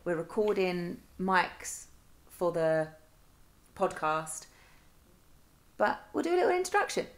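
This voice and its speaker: Chatty young woman, lowish voice. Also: very animated, slow, long pauses. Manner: bubbly, chatty. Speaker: podcast co-host. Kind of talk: casual chat.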